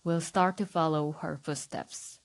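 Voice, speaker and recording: A woman with a Korean accent hosting a podcast, patiently teaching Korean words and repeating them slowly for learners. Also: deep voice, steady tone, very noisy. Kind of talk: slow language lesson.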